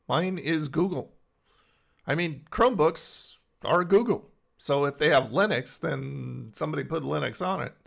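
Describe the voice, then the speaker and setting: A middle-aged man with a gravelly voice pitched a bit high talks to his live-stream viewers from bed. He rambles, reads out chat and answers people by name in a loose, chatty way. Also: fairly bright tone. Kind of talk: casual live-stream chat, reading chat aloud. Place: in bed at home.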